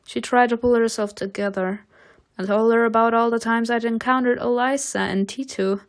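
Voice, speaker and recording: A woman reading a story game aloud and narrating, with expressive reading broken by chatty asides. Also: a little high, moderate pace. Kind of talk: reading a visual novel aloud with commentary.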